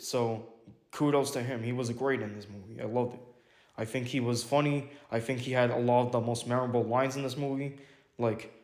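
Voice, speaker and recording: A man casually reviewing a movie, rambling with lots of fillers, correcting himself, and swearing now and then. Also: mid-range voice. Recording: echoey room.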